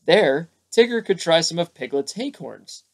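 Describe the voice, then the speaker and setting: A man reading a children's storybook aloud as a bedtime story, with lively character voices. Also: a little high, a little slow, creaky. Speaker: storybook narrator.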